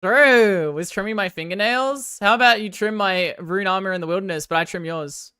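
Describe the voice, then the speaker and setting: Smooth-voiced excitable woman streamer. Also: mid-range voice, no echo, studio quality. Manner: excitable, quick outbursts then sheepish apologies; banters with chat, swears casually. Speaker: livestreamer. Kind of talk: casual gaming livestream chat.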